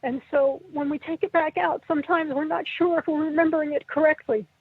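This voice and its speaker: A middle-aged woman recalling personal memories as an interview guest, halting and emotional, sometimes tearful. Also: high-pitched, fairly even intonation, dry recording. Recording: tinny phone-like line.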